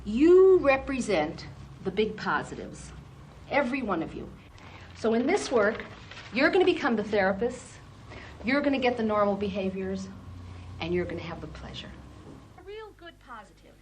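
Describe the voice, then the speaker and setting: A woman psychologist instructing parents and coaching a child, encouraging, with short repeated praise and filler pauses. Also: mid-range voice, sing-song, a little hiss or hum. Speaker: psychologist running therapy sessions.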